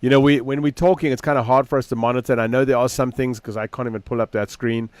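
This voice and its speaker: A middle-aged man co-hosts a casual dog-training podcast. He tells lively stories and acts out the voices of the people in them. His voice sits at a middling pitch and is recorded close and dry. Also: quick pace, no room sound. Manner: animated storyteller, acts out quoted people.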